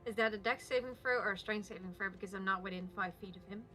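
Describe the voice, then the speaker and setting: A woman's voice: mid-range voice, fast talker, pushed and bright, soft background music. A woman playing a tabletop game, asking rules questions in a tentative way. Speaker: player. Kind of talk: casual game talk.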